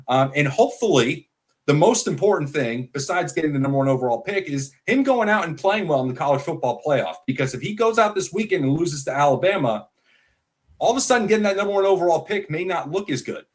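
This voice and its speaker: A man's voice: a little high, fairly quick. Chatty man breaking down football. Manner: talkative, fillers, animated. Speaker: sports podcast co-host. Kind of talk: casual football talk.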